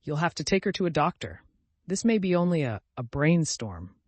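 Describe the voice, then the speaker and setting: A man's voice: a little high, big pitch swings, moderate pace, darkish tone, no room sound, pitched above the performer's own voice. A man voicing a nervous, kindly gray-haired host in an audiobook, speaking hesitantly. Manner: kind, hesitant.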